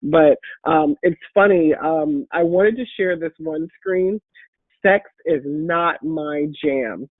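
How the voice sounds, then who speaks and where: A woman with a deep voice, congested and a bit hoarse from a cold, giving an upbeat, encouraging webinar talk as a guest speaker. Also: slow pace, no echo. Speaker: guest speaker and patient advocate. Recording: phone-like online call audio.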